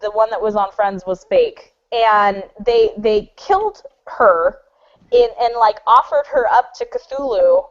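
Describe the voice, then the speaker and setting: A woman's voice: mid-range voice, animated, measured pace. A woman on a comedy panel game, rambling through an improvised answer with many fillers. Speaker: panel contestant. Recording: muffled lo-fi recording.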